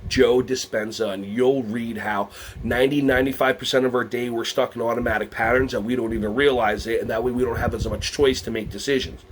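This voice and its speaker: A man presenting a teacher workshop, talking to a live audience, asking them questions and acting out quotes in high put-on voices. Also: steady tone, a little fast, a little hiss or hum. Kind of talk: lively teacher workshop talk.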